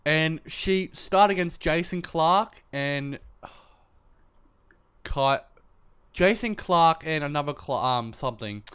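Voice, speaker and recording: A man's voice: fairly high pitch, expressive, slow pace, pauses often, fairly bright tone, clean tone. A young man, co-hosting a podcast in brash, crude, jokey casual chat. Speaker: podcast co-host.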